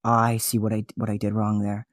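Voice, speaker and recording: A man's voice: fairly low pitch, monotone, fairly quick, dry recording. Man, podcast host, flustered, stammering, dry close sound. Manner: flustered, stammering with repeated restarts. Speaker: podcast host making prank-style calls. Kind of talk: comedic improvised podcast bit.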